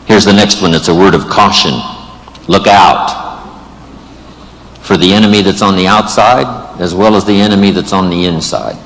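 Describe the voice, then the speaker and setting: A man's voice: deep voice, steady tone, moderate pace, fairly bright tone, big-room sound, poor audio. A man giving an emphatic motivational speech to a live audience in a large event room, building rhetorical lists of phrases. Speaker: motivational speaker.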